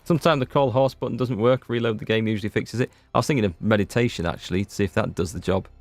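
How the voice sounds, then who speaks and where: A man's voice: on the low side, fast talker, dry recording. A man with a Northern Irish accent giving rambling, chatty let's-play commentary while he streams a game. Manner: chatty, rambling, self-interrupting. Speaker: gaming streamer. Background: faint game music.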